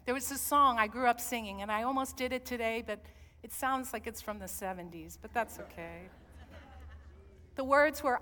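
A woman preaching a sermon, swinging from loud calls to soft, intimate asides. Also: mid-range voice. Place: church. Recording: long hall reverb.

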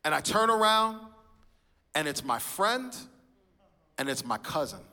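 Bright-voiced man testifying in a reverberant church. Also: fairly high pitch, measured pace. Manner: animated storytelling, acting out quoted voices. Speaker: speaker sharing his testimony. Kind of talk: sermon-style personal testimony. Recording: reverberant hall.

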